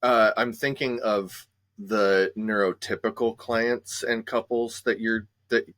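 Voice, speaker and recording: Low-voiced man, measured and hesitant. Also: steady tone, fairly bright tone, dry recording. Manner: measured, hesitant, many fillers. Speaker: therapist, guest. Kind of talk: conversational discussion.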